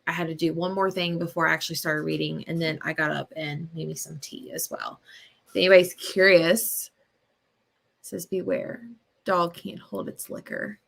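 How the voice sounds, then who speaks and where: A woman with a low, gravelly voice chats casually to her live stream audience. She talks at an unhurried pace, filling pauses with ums and little laughs. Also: fairly bright tone. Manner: slow, chatty, full of ums and laughs. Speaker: booktube host.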